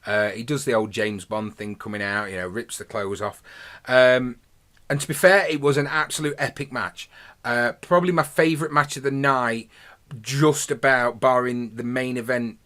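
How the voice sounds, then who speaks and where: A man's voice: medium pitch, steady tone, moderate pace, sharp tone. A man in his thirties hosting his own podcast, talking through a review in a chatty, rambling, enthusiastic way. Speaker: podcast host. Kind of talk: casual solo review monologue.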